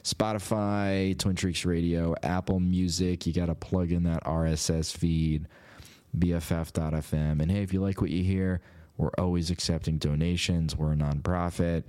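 A man's voice: deep voice, level tone, moderate pace, mellow, clean tone. A man with a nasal voice hosting a radio show, rambling in a laid-back, chatty way as he wraps up the episode. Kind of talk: casual radio show outro.

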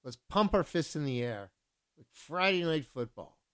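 A man's voice: fairly high pitch, animated, normal speed, a bit bright, clear, resonant tone. A man working as a radio DJ, announcing songs and then ranting indignantly, with a lot of repetition. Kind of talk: casual radio DJ talk.

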